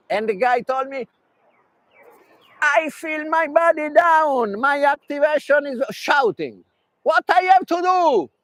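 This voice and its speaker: An Italian tennis mental coach gives an animated workshop talk in broken, Italian-accented English, using demonstrations. His voice sits high, and there's no echo.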